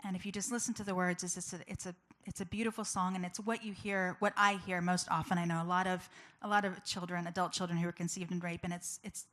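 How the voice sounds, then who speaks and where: A woman's voice: lowish voice, level tone, quick pace, few pauses, a bit bright. A woman giving an earnest, personal talk to a live audience, chatty and full of fillers. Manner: earnest, conversational, with many fillers. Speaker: public speaker.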